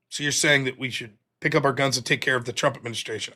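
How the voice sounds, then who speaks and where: A man's voice: mid-range voice, quick pace, hardly any pauses. A man hosting a live stream, ranting bluntly with frequent swearing and reading out viewer donations. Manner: blunt, profane, animated ranting. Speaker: livestream host. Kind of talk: casual livestream chat.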